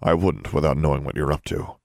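Man doing a gruff, mocking young tough. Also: expressive, brisk, no room sound, clean studio sound, exaggerated voice. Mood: mocking, menacing. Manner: low, growling and derisive. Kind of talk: audiobook character voice.

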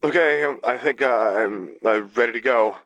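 A man's voice: mid-range voice, moderate pace, fairly bright tone, no room sound, highs cut off, pitched above the performer's own voice, close to an everyday voice. A man voicing a wry, nervous young woman in a fantasy audiobook, with a dry, uneasy delivery.

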